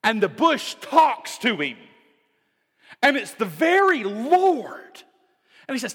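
High-voiced male preacher in a hall. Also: wildly swooping pitch, slow pace, pauses often, fairly bright tone, slightly rough. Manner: emphatic, with direct questions to the congregation. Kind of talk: sermon. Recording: long reverb of a large hall.

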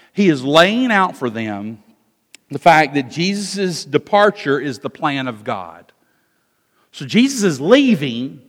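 A male pastor preaching an expository sermon, moving between loud emphasis and hushed asides. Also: a little high. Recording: long hall reverb.

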